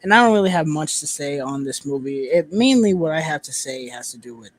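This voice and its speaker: A young man hosts a loose movie review chat, his voice sitting high. He talks casually, with plenty of fillers and some swearing. The sound is dry and close. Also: animated, brisk, dry recording.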